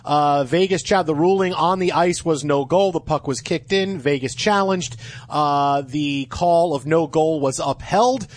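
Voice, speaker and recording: Excitable high-voiced sports radio man. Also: measured pace. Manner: excitable, jokey, breaks into loud cheers. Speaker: sports radio fill-in host.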